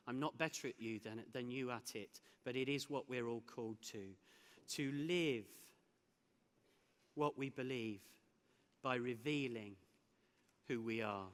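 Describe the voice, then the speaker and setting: Man telling a story in an echoing hall. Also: mid-range voice. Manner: animated storytelling with laughs and restarts. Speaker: keynote speaker. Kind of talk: conference keynote speech. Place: large hall. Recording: hall with long reverb.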